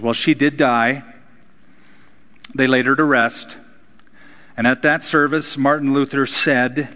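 A man's voice: medium pitch, unhurried, long pauses, fairly bright tone. A man preaching a sermon, his voice rising and dropping for emphasis. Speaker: pastor. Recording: hall reverb.

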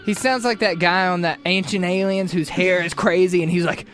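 Playful high-voiced male news host. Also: fairly even intonation, a bit bright, faint music behind. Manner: playful, quick to laugh, reading stories aloud. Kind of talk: casual comedic news chat.

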